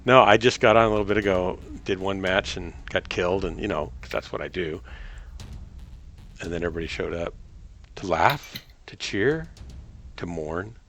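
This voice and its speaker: A man's voice: low-pitched, moderate pace, a bit bright. A man hosting a casual gaming live stream, bantering and joking with friends over voice chat. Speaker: streamer host.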